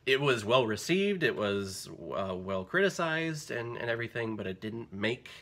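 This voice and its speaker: Bright-voiced rambling man hosting a movie review. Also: medium pitch, very animated. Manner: rambling, self-deprecating, quick to laugh. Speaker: movie review channel host. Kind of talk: casual conversational movie review.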